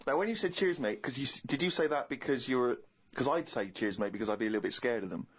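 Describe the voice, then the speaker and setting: A man co-hosting a podcast, telling comic stories in an animated, rapid way. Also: mid-range voice, husky, highs cut off. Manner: animated, rapid anecdotal delivery. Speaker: co-host.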